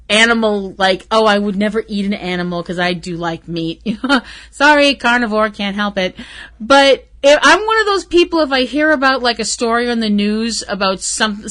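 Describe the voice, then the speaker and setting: A woman's voice: mid-range voice, sharp tone. A woman hosting a podcast, chatting casually and rambling, swearing freely and laughing often. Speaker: podcast host. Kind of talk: casual solo podcast chat.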